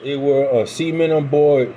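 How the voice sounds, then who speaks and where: A middle-aged American man tells a personal story in a loose, casual way, often stopping and restarting his sentences. His voice sits at a mid pitch. A faint noise hums behind him. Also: dark tone, poor audio. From United States. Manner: rambling, halting with restarts. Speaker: pipe-smoking vlogger.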